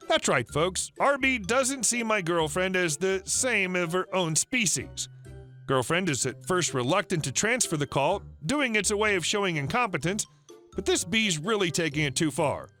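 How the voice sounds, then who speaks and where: A man reading online revenge stories as a scripted narration, upbeat and expressive. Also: high voice, normal speed, faint music behind. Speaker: story narrator.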